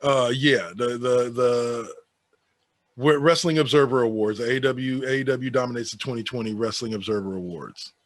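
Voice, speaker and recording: A man's voice: mid-range voice, moderate pace, no room sound. Sarcastic male podcast co-host. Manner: reads out list items with sarcastic asides. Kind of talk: casual podcast chat.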